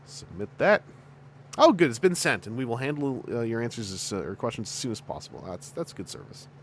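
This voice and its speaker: Brief: chatty male streamer, around forty, lively up-and-down delivery, laughs a lot. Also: medium pitch, a little fast, slight background noise. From Canada. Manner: animated, chatty, laughing often. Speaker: streamer host and fan voice actor. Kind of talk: casual livestream chat.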